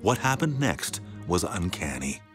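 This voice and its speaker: A man giving measured, dramatic scripted narration for a documentary. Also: deep voice, sing-song. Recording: music bed underneath.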